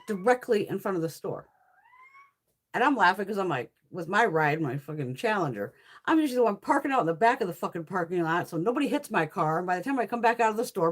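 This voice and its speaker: Lively, cussing woman vlogger. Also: mid-range voice. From Connecticut. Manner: swears constantly, laughs through her stories. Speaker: beauty haul vlogger. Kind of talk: casual storytelling chat.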